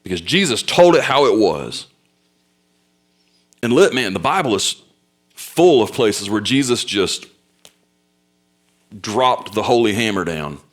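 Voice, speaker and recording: A young man preaching a sermon, telling stories with loud bursts and quiet asides. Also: on the low side, very animated, unhurried, pauses often. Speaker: pastor.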